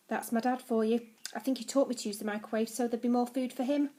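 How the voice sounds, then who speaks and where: A woman teacher reading a children's novel aloud to her class, telling it in a lively way. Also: fairly high pitch, quick pace.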